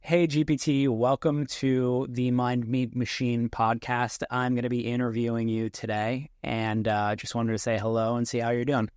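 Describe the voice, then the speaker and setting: A man hosting a podcast in a relaxed, chatty way, speaking into a desk microphone. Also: medium pitch, moderate pace, hardly any pauses, smooth, no echo, studio quality. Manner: relaxed, chatty, with restarts and small laughs. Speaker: podcast host. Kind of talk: casual podcast talk. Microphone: desk mic.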